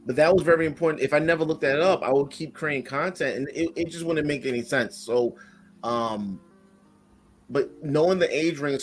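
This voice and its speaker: A man who makes online content, talking bluntly and frankly in a casual chat. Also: medium pitch. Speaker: content creator.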